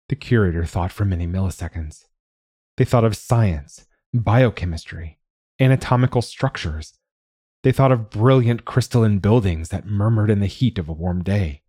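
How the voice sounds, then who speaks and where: A man narrating a scripted story in a slow, measured reading. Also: lowish voice, mellow, husky, no echo, studio quality. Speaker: narrator and host.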